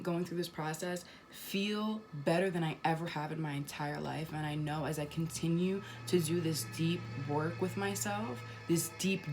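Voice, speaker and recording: A woman with a somewhat low voice talks straight to camera about spirituality. She hammers her points home by repeating them and drops casual swears along the way. Faint music plays behind her. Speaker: spiritual vlogger.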